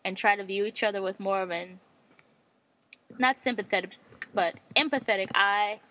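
A woman's voice: medium pitch, moderate pace, bright, forceful tone. A woman co-hosting a podcast in casual chat, speaking candidly and swearing freely. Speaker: podcast co-host.

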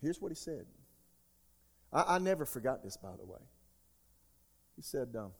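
Emphatic older pastor in a reverberant hall. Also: male voice, mid-range voice, sing-song, moderate pace, long pauses, breathy edge. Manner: emphatic, swings between loud outbursts and quiet asides. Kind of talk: sermon. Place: church sanctuary.

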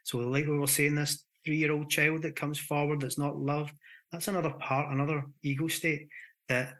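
A man with a Scottish accent, a hypnotherapist guest explaining his ideas in an animated, conversational way. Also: on the high side, moderate pace. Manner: animated, explains with acted examples and restarts.

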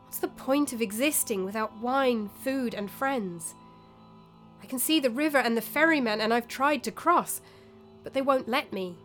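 A woman's voice: on the high side, moderate pace, a bit bright, faint music behind, voice pushed up, lightly acted. A woman voicing the ghost of a young male warrior who pleads in a dry, wry tone. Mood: pleading.

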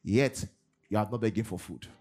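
A man preaching a sermon in church, swinging between loud bursts and low asides. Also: normal speed. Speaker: pastor. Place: church service.

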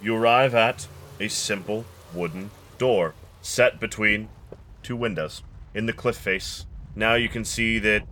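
A man narrating as game master of a tabletop game, slow and deliberate, building a grim atmosphere. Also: fairly low pitch, fairly even intonation, sharp tone, slight background noise.

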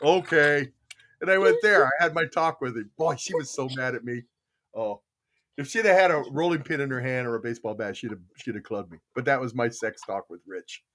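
An older man hosting a podcast, telling stories in casual chat, animated and laughing, acting out other people's voices. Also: mid-range voice, a little fast. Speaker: podcast host.

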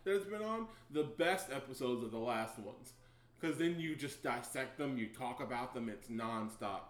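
A man co-hosting a casual podcast chat, laid-back and teasing, with quick one-line jokes. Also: medium pitch, lively intonation. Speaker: podcast co-host. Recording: echoey room.

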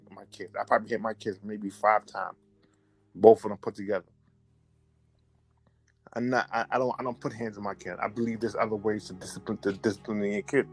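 Recounting a memory in a relaxed way, a man with a fairly low, husky voice speaks animatedly, repeats himself a lot, and keeps starting his sentences over.

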